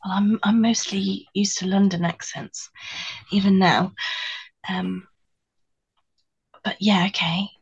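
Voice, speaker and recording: Woman player, slow, husky, whispered asides, dull lo-fi mic. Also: medium pitch, steady tone. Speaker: tabletop game player. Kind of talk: casual play chat.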